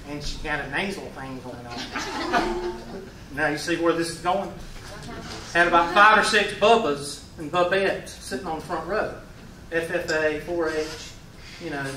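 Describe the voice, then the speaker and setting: A man's voice: fairly high pitch, a little slow, background noise. A man in his forties with a Southern US accent, a math teacher giving a folksy classroom lecture and quizzing his students. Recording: roomy classroom, mic far away.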